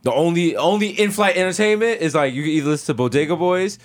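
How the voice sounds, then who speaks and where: A man's voice: a little high, expressive, quick pace. A man co-hosting a podcast, riffing loosely and profanely in casual chat. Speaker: podcast co-host.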